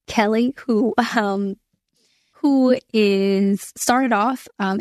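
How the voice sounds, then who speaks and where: A woman hosts a prayer podcast in an earnest, heartfelt way, pausing on fillers and restarting her sentences. Her voice sits in a middle pitch range. The sound is dry and close, with no room echo. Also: a little mellow. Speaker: podcast host. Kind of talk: prayer podcast, spoken prayer and reflection.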